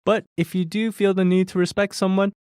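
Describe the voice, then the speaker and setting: A man's voice: high-pitched, level tone, fairly quick, a little mellow, clear, resonant tone, no room sound, studio quality. A man hosting a language lesson, explaining Korean phrases to learners step by step in a friendly way that breaks into easy laughter.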